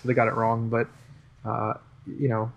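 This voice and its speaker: A man's voice: medium pitch, completely flat delivery, moderate pace, gravelly. A young man chatting casually as a co-host, talking in a rambling, hesitant way with plenty of fillers and restarts. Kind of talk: casual chat about typography.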